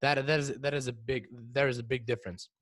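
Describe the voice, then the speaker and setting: A man's voice: medium pitch, steady tone, fast, fairly bright tone, no echo. A teenage boy co-hosting a casual podcast discussion, explaining ideas with frequent restarts and repeated words. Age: teens. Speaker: podcast co-host.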